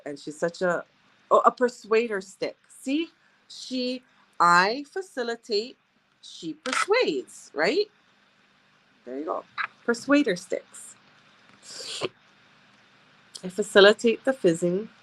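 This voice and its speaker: A woman chatting casually with viewers as a sales rep, telling stories and laughing often. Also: medium pitch. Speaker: direct sales rep hosting a live stream.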